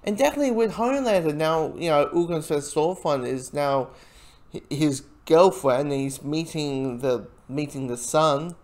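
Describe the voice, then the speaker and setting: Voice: medium pitch, moderate pace, a little mellow. Rambling casual TV reviewer. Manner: rambling, many restarts, frequent laughs, swears. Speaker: TV episode reviewer.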